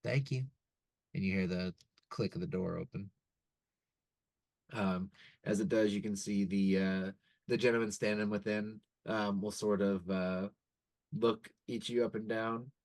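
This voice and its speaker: Casting: low-pitched male game master, relaxed delivery, dry close sound. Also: measured pace, long pauses, no room sound. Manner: relaxed, many fillers. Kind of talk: narrating a tabletop game.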